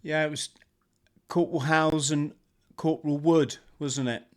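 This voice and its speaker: A man's voice: a little high, fairly even intonation, unhurried. A man hosting a podcast interview, chatting casually, adding apologetic asides and checking facts with his guest. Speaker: podcast host.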